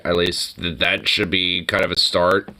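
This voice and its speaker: A man hosting a casual reaction chat, ranting profanely and jumping into high mocking voices. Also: flat delivery, measured pace, sharp tone, slight background noise.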